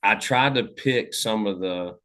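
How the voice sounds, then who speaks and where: Southern man, deep low voice, easygoing rambling podcaster telling hunting stories. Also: unhurried, fairly bright tone. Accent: Southern American. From Southern United States. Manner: rambling, many fillers and restarts. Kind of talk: casual storytelling conversation.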